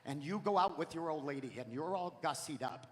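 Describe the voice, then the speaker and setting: A man's voice: on the high side, animated, a little fast, pitched below the performer's own voice, lightly acted. A man on stage voicing a foul-mouthed, combative aunt in a put-on Boston accent, ranting crudely, heard in a live theater with a long reverb. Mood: needling.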